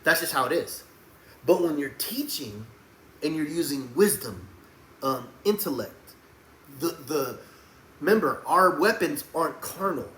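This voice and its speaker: A man preaching a sermon, swinging between fiery shouts and soft, hushed passages. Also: a little high, expressive, a little slow. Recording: echoey room with faint background noise.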